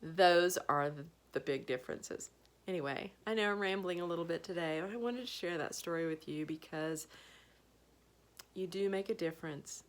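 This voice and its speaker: A woman's voice: fairly low pitch, moderate pace. A middle-aged woman telling a heartfelt story in a casual vlog, emotional, laughing and tearing up, acting out the voices of the people she quotes. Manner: acts out voices in quoted lines. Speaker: vlogger sharing a school story.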